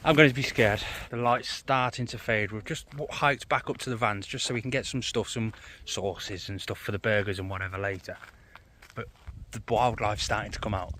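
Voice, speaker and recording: A man, chatting excitably to a handheld camera while vlogging outdoors in a forest at night. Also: fairly low pitch, normal speed, a little hiss or hum. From England. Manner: excitable, chatty, laughs often. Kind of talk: casual vlog narration.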